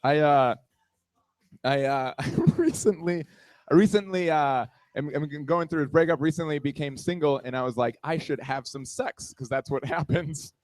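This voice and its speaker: A man's voice: a little high, moderate pace, a little mellow, dry recording. Young man doing a self-deprecating stand-up set. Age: 20s.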